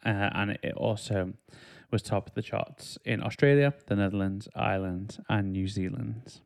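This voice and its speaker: A man's voice: on the low side, steady tone, moderate pace, gravelly. A man hosting a casual podcast chat, reading album facts aloud and laughing at clumsy wording. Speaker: podcast host.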